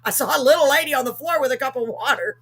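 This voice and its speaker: A woman's voice: high voice, fast, a bit bright, husky. A middle-aged woman, telling a story on a live talk show with emphatic, acted-out quotes. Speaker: host.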